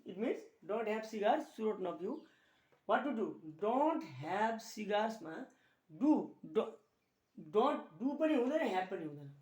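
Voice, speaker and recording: A man's voice: high-pitched, sing-song, a little mellow, far from the mic. Nepali-accented male grammar teacher, echoey. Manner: slow, repetitive, drills key words, mixes Nepali explanations into English. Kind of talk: classroom grammar lesson. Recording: echoey room, voice a little off-mic.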